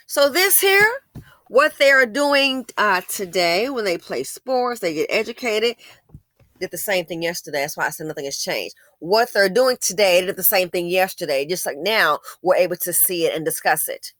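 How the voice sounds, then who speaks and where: Fired-up woman with a bright, lively voice. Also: lowish voice, moderate pace, no room sound. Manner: blunt, preachy, frequent restarts and stammers when heated. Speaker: commentary channel host. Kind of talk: impassioned commentary monologue.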